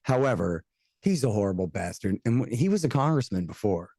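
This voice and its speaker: A man's voice: lowish voice, big pitch swings, mellow, no room sound. Blunt, sarcastic American man ranting. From United States. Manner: blunt, sarcastic, rapid ranting with mocking quoted voices. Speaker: guest, antiwar radio host and author. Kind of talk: casual podcast interview.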